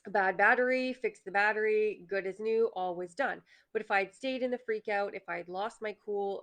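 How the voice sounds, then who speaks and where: A woman hosting a casual motivational talk, chatty and conversational, often acting out her own inner voice in quick asides. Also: mid-range voice. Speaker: host.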